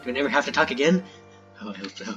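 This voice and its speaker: A sleepy man rambles through a casual gaming session. His voice is a little dull and muffled. Game music plays clearly behind him, and his talk trails off into fillers and giddy asides. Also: medium pitch, expressive, rapid-fire, a bit bright. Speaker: gaming video host. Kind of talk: casual let's-play chat and reading aloud.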